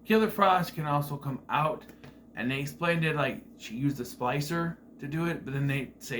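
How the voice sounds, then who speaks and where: A man talks through a TV season review in a loose, rambling way, full of "uh"s and mid-sentence corrections. His pitch sits in an ordinary middle range. A faint hiss of noise runs underneath. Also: animated, moderate pace, fairly bright tone. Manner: rambling, with frequent fillers and self-corrections. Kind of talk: casual spoken review.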